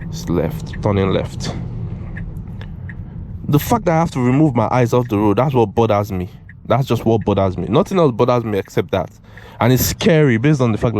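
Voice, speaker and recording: A man giving casual, excitable commentary from inside a car, talking to the car and repeating himself as he drives. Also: mid-range voice, normal speed, long pauses. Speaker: car reviewer.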